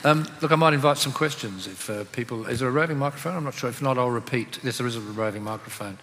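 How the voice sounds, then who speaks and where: Australian man chairing a panel, bright voice. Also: medium pitch, quick pace. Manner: easygoing anecdotal storyteller. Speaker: panel moderator. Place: conference hall. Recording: reverberant hall with faint room noise.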